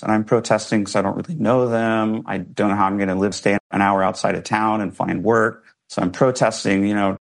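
A man's voice: lowish voice, fairly even intonation, a little fast, gravelly, hardly any pauses. A man, a guest in an interview, telling a personal story earnestly and reflectively, with some emotion.

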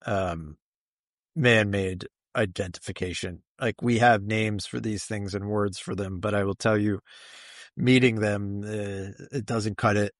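A man's voice: fairly low pitch, steady tone, measured pace, no room sound, studio quality. A man being interviewed, recounting a personal experience in a reflective way, searching for words with many fillers. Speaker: interview guest.

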